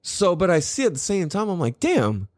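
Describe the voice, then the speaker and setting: A man's voice: high-pitched, a little fast, no echo, clean studio sound. A middle-aged man hosting a podcast, telling stories in a casual, profane way and acting out the things he said. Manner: profane, animated storytelling, acts out his own quotes. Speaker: podcast host.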